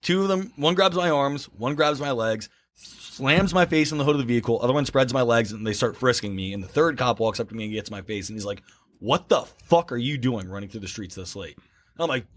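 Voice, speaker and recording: A man's voice: mid-range voice, brisk. A man casually telling a wild story on a podcast, swearing a lot and acting out the other people's voices. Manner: profane, animated storyteller who acts out voices. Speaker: podcast co-host. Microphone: studio mic.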